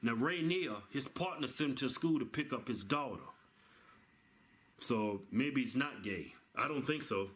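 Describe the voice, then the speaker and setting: A man in casual comedic banter, teasing and drawling slang in an animated way. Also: mid-range voice, a little slow. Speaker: comedy commentator. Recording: noisy video clip.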